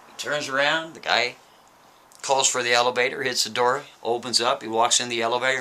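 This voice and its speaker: Bright-voiced man telling a story. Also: medium pitch, normal speed. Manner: chatty, with frequent "right?" asides to the listener. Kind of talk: casual spoken storytelling.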